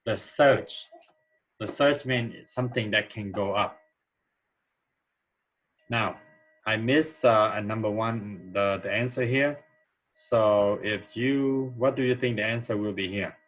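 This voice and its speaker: Male English teacher, low and husky, very slow, explanatory lesson delivery. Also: fairly bright tone, rough recording. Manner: slow, explanatory, checks in with "okay?". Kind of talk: grammar lesson walkthrough.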